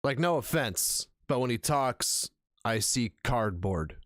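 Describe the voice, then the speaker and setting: Male stream host, sarcastic reaction commentary, lively pitch, dry close sound. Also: takes it slowly, dry recording. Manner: sarcastic, joking roasts.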